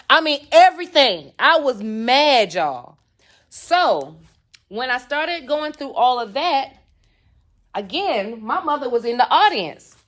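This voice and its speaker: Brief: a woman host with a slightly high voice spinning a funny, cuss-filled story for her listeners. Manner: animated, profane, addresses listeners as y'all. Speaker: podcast host. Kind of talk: comic personal storytelling.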